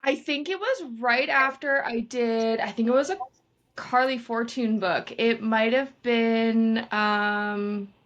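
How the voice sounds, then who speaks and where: A young woman from Canada talks casually as a podcast co-host, her pitch sitting a little high. She tells stories with energy and acts out what each person said. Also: slow pace, highs cut off. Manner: animated storytelling, acts out quoted exchanges. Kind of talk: casual chat.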